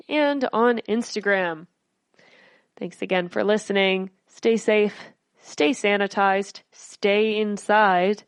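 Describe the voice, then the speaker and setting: A woman's voice: mid-range voice, no echo. A woman podcast host reading news stories aloud, her speech slightly slurred.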